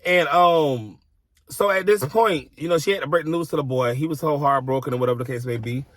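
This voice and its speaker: A fairly high-voiced man vents bluntly and profanely as he tells a story from his car. His delivery is casual and exasperated, and the sound is close and dry with almost no room echo. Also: brisk. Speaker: vlogger telling a personal story.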